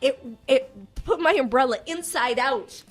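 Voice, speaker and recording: A woman co-hosting a radio show, telling a lively story in casual chat and acting out the quotes. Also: high-pitched, measured pace. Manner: animated storyteller, acts out quotes.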